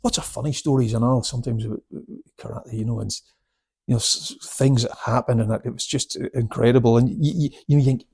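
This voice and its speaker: An older man in his seventies who chats and laughs his way through stories. His voice is gravelly and husky, with many restarts and fillers. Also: mid-range voice, steady tone, fast talker, a little mellow. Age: 70s. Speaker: guest, karate instructor. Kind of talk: casual storytelling interview.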